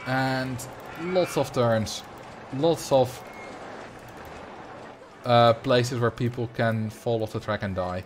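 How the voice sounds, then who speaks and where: A man's voice: medium pitch, slow pace, pauses often, a little hiss or hum. A young man from the Netherlands with a Dutch accent, chatting loosely on a livestream and answering his chat as he plays. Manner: rambling, reads chat aloud and answers. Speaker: streamer.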